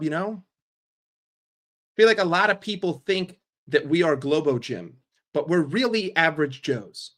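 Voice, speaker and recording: A man's voice: fairly high pitch, lively intonation, a little slow, long pauses, a bit bright. A man from New York ranting casually and profanely on a live stream, rambling between jokes and opinions. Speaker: football fan streamer.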